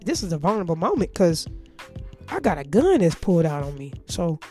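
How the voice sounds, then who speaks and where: A woman's voice: on the low side, big pitch swings, brisk, warm tone, soft background music. A woman telling a story in casual, profanity-heavy speech.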